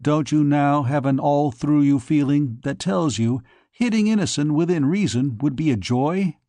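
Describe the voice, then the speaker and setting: A patient, gentle man who presses his point softly but insistently, as a man reading an audiobook puts him on. The voice sits slightly high and the sound is dry and close. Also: moderate pace, dry recording, lightly acted. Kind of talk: audiobook character voice.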